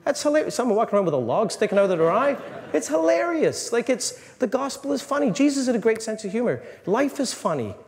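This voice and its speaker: A man, a priest, giving an animated, joking talk to a live audience, often restarting his sentences. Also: extremely high pitch, fast talker. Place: large hall. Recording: long reverb in a hall, faint room noise.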